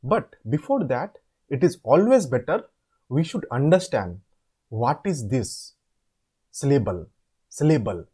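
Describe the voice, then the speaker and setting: A man explaining an assignment step by step. He asks questions and answers them himself, and repeats words slowly to show how they are said. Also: on the high side, big pitch swings, mellow, slightly rough. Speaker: online tutor.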